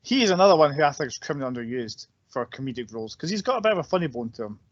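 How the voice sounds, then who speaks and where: A man's voice: medium pitch, big pitch swings, very fast, no room sound, dull audio. A man co-hosting a podcast, rambling casually about a film and searching for words. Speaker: podcast co-host. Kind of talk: casual chat reviewing a film.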